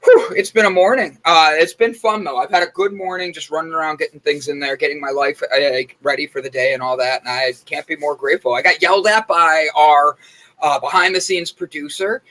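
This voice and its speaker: A man's voice: fairly high pitch, steady tone, a little fast, sharp tone, rough recording. A young man co-hosting a casual morning show, telling stories in a chatty way with lots of fillers. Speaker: co-host.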